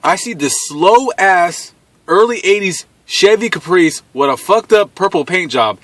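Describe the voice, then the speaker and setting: A man's voice: sits high, expressive, a little slow, a bit bright, no room sound. A man in his thirties telling a personal story in a blunt, profane, casual way, often laughing as he goes.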